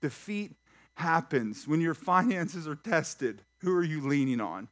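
Higher-voiced man preaching a lively sermon. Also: measured pace. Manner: lively, talks directly to the congregation with questions and jokes. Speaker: pastor. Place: church sanctuary.

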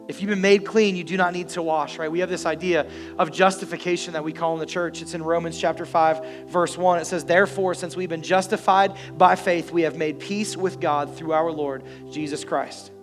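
A male pastor preaching a sermon, animated and joking with the congregation. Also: on the high side, a little fast, music in the background.

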